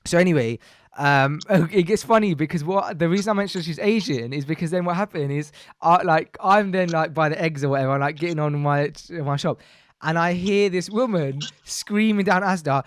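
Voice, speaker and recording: High-voiced young man, lively storyteller. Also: moderate pace, no echo, studio quality. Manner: animated, slangy, acts out quoted voices. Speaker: podcast co-host. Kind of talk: casual storytelling chat.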